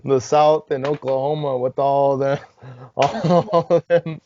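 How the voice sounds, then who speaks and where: A young man hosting a casual podcast, relaxed and profane, asking questions and chiming in. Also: mid-range voice, takes it slowly, slight background noise. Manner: relaxed, swears freely, laughs often. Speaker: podcast host. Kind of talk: casual interview chat. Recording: dry dull lo-fi podcast audio.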